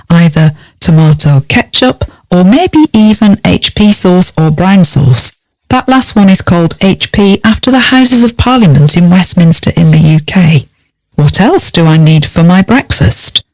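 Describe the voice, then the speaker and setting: A woman's voice: fairly low pitch, a little mellow, dry recording. Woman teaching vocabulary. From United Kingdom. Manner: spells words out letter by letter, clear and measured. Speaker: English teacher. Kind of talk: scripted vocabulary lesson.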